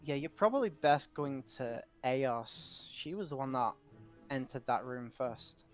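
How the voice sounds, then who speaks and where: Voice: medium pitch, expressive, a little slow, soft background music. A player in a tabletop game, stating their actions in a matter-of-fact way. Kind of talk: tabletop role-play chat.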